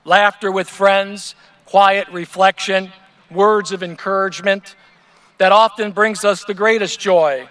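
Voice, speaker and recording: Male teacher, high-pitched, unhurried earnest speechmaker at an outdoor podium. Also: steady tone, fairly bright tone. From Ohio, USA. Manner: earnest, measured delivery with rhetorical lists. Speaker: teacher giving commencement speech. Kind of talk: prepared ceremonial speech. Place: outdoor stadium.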